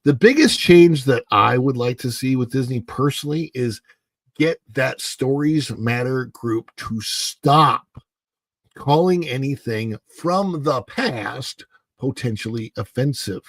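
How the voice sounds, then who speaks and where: A man hosts a solo livestream, sharing strong opinions in an emphatic, halting way, often breaking off and restarting. His voice sits mid-range with a gravelly fry. The sound is close and dry, with no room around it. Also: mid-range voice, lively intonation, no room sound. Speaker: host.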